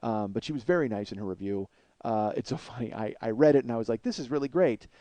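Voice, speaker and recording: Guy in his 40s hosting a podcast, talks fast, dry close sound, rambles and swears a lot. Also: fairly low pitch, dark tone, no echo. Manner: rambling, self-deprecating, swears often. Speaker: podcast host. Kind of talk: casual comedic monologue.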